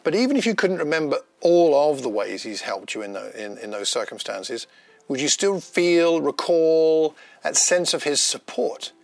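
A man giving a gentle, personal devotional talk, unhurried, with small pauses and restarts. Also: a little high, big pitch swings, creaky, no room sound. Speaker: devotional speaker.

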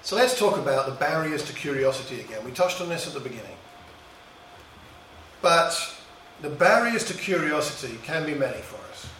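A middle-aged man from England shares a reflective story of his boyhood, musing and restarting slightly as he speaks. The voice is on the high side, bright and forceful, with lively intonation at a moderate pace, far from the mic amid roomy echo and faint hiss or hum.

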